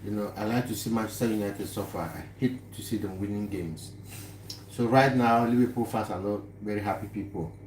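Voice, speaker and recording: Talking a little fast, a man greets viewers on his casual live stream, chatting and chuckling easily. His voice sits lowish with a darkish tone and fairly even intonation, captured in an echoey room with faint noise in the background.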